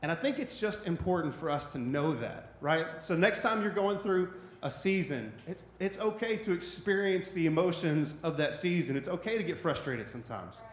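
A man's voice: a little high, lively intonation, moderate pace, few pauses, echoey room, slight background noise. A man preaching a sermon in a loose, conversational way, often checking in with "right?". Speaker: pastor.

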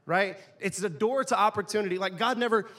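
Joking preacher, fairly high voice. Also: male voice, fairly quick, bright, forceful tone. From East Texas, USA. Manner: casual, joking, conversational preaching. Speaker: pastor. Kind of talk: sermon.

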